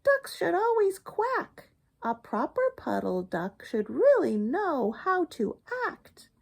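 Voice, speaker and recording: A shrill, squawking hen, as a woman reads her aloud, bossing the farmyard in a high, loud voice. She scolds and frets with big swoops of pitch, like a fussy storybook busybody. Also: big pitch swings, slow, vocal fry, exaggerated voice. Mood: scolding. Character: fussy bossy hen, female.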